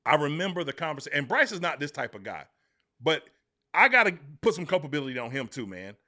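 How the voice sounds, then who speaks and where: A man co-hosting a sports podcast, talking emphatically and excitably to his co-host. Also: fairly high pitch, quick pace. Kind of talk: animated sports talk.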